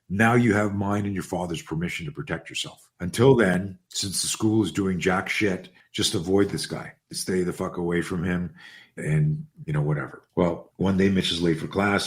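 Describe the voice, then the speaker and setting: An older man with a fairly low voice tells a story as a podcast guest. He acts out the quoted lines and drops curse words easily. The room gives his voice a noticeable echo. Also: moderate pace. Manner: animated storyteller, acts out quoted dialogue, swears freely. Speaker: podcast guest, self-defense instructor. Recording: roomy echo.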